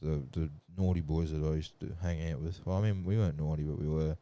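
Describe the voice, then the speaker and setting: A man's voice: rumbling low, steady tone, fast, warm tone. A young Australian man chatting casually on a podcast, telling rambling stories full of swearing. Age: young adult. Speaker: podcast guest. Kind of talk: casual chat.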